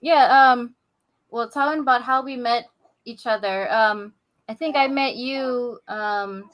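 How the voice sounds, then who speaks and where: A woman's voice: a little high, slow, a bit bright. A woman co-hosting a podcast in giggly, chatty casual talk. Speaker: podcast co-host. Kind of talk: casual chat.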